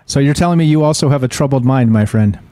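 A man's voice: mid-range voice, fast talker, dark tone, no room sound. A man hosting a late-night call-in radio talk show, musing aloud with rhetorical questions and casual slang.

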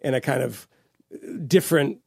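Gravelly animated man. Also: medium pitch, normal speed, no echo, clean studio sound. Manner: animated, swearing, rambling with restarts. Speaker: podcast co-host. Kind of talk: casual political chat.

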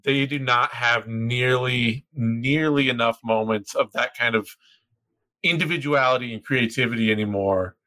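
A young man co-hosting a podcast, talking in quick, excited, rambling bursts. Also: mid-range voice. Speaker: podcast co-host. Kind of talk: casual podcast chat.

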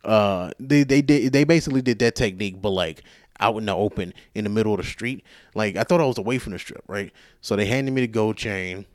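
A male podcast host telling a rambling story in casual chat, profane, animated and self-mocking, sounding tired. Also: lowish voice, a little fast, no room sound, studio quality.

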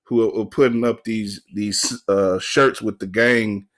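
A man's voice: lowish voice, fairly even intonation, a bit bright. A man hosting a casual podcast chat, often stalling and repeating words as he talks. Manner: halting, repeats words, laughs along. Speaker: podcast host.

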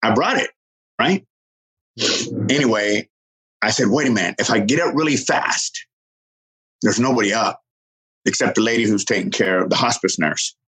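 A middle-aged man earnestly telling a personal story, halting and restarting, quoting others in lively voices. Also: fairly low pitch, breathy edge, poor audio.

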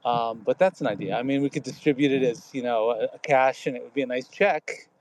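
A man's voice: medium pitch, fairly quick, darkish tone, a little hiss or hum. A man taking part in a casual group conversation, speaking hesitantly with many fillers and restarts.

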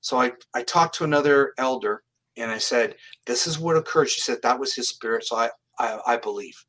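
A Canadian man appears as an interview guest, a psychic medium telling his stories in an earnest, plain-spoken way. His voice is bright and forceful at an ordinary pitch, fairly quick, and he often doubles back to restart phrases. The recording quality is low.

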